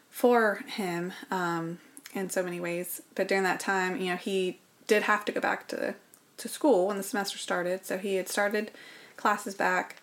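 This woman's voice sits on the low side, with vocal fry and a fairly bright quality. As an interview guest recounting something personal, she's earnest and thoughtful, and she whispers when the story gets painful.

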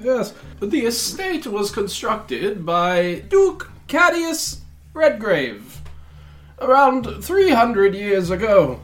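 A man's voice: high voice, very animated, extremely slow, pitched above the performer's own voice, full character voice. A man putting on a fussy, flustered plump banker. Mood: pompous. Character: plump sweaty nervous male bank clerk. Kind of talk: tabletop game character voice.

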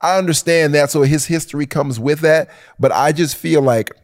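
A man's voice: fairly high pitch, moderate pace. A man co-hosting a casual podcast, talking emphatically and swearing freely. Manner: animated, emphatic, swears, acts out quoted voices. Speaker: podcast co-host.

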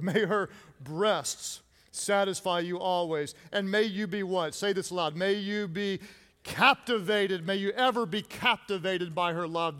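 A man's voice: sits high, a bit bright. A man preaching a playful sermon, joking and calling for responses from the congregation. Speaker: pastor.

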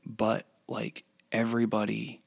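A man's voice: on the low side, monotone, measured pace, vocal fry, husky, no echo. A man casually telling a rambling story about his workplace, full of restarts and fillers. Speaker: retail worker telling a work story.

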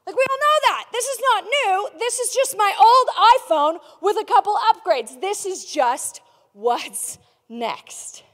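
A woman pastor preaching from a large church stage with a high voice. She moves between earnest prayer and playful, chatty teaching. A long reverb hangs behind her words. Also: unhurried. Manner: soft and earnest in prayer, lively and joking in teaching. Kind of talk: sermon.

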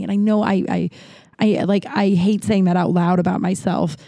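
A woman's voice: on the low side, little pitch movement, moderate pace, creaky, dark tone, no echo. A woman comedian telling a candid personal story, speaking frankly and swearing freely.

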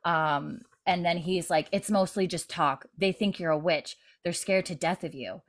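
A woman's voice: lowish voice, normal speed. A woman casually recapping a TV episode with a co-host, rambling with lots of fillers and quoting the characters' lines. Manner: rambling, filler-heavy retelling with quoted lines. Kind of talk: casual chat.

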